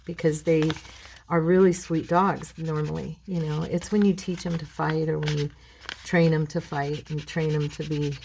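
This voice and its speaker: Chatty low-voiced woman with a gravelly edge. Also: little pitch movement, moderate pace, a little mellow, a little hiss or hum, rough recording. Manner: rambling, chatty, addresses viewers as girls. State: frog in her throat, clearing it. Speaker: craft channel host. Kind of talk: casual crafting chat.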